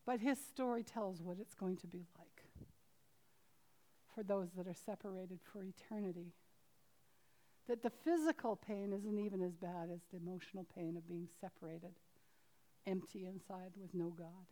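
Woman preaching, reads from a book, earnest, stops and restarts a lot, gets loud then goes real quiet. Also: on the low side. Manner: earnest, swings between loud emphasis and hushed quiet; halting, with restarts and fillers. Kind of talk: sermon, reading aloud from a book.

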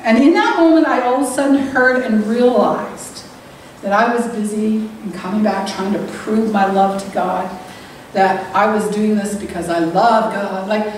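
Woman giving a sermon, earnest and reflective, pitch jumps up on the big points, really echoey, far from the mic. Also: a little mellow. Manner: earnest, rises high on emphasis, reflective. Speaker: preacher. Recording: roomy echo, distant mic, faint hiss.

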